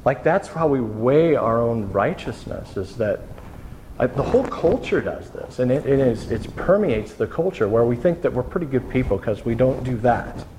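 Male pastor giving a relaxed, conversational sermon; tells stories with lots of restarts, mid-range pitch. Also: moderate pace, slight background noise. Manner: casual, conversational storytelling with many restarts.

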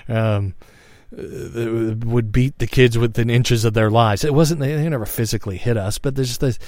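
A man's voice: mid-range voice, fairly even intonation, moderate pace, a little mellow, no echo, studio quality. A man of fifty telling a personal story in a frank, reflective monologue, swearing freely and often restarting his sentences. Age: 50s. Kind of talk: candid spoken monologue.

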